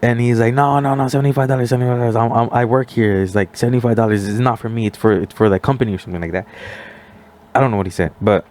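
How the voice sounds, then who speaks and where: A young man with a lowish voice tells a story on a casual podcast. He talks loosely, fills gaps with "like", and acts out the other people's lines as he goes. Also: quick pace. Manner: animated storyteller, acts out quoted voices, many "like" fillers. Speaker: podcast guest.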